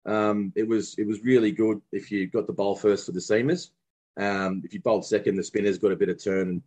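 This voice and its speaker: Aussie guy chatting in an interview, lots of restarts and fillers, lowish voice. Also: fairly even intonation, brisk, a little mellow, breathy edge. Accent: Australian. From Brisbane, Australia. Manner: reminiscing, rambling with many restarts. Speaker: guest, former cricketer. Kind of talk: casual interview chat.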